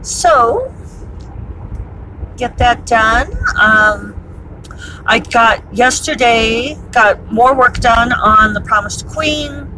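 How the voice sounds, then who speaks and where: A woman's voice: medium pitch, background noise. A middle-aged woman chatting casually while driving, wry and talkative with laughing asides. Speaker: author podcaster. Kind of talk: casual commute vlog. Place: in a car, driving.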